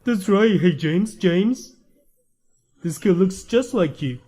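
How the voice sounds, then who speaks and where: A man playing a nosy, excitable young man in a dubbed drama, with a teasing, eager manner. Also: high-pitched, slow pace, heavily acted.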